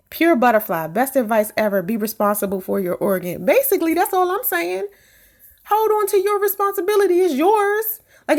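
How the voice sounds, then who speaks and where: A pregnant woman vlogging casually as she reads and answers viewer comments, blunt and profane, laughing often. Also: fairly high pitch.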